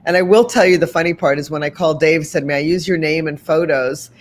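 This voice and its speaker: A woman's voice: sits low, fast talker, slight background noise. A woman in her sixties from the Boston area, telling a long story as an interview guest, with many asides and restarts.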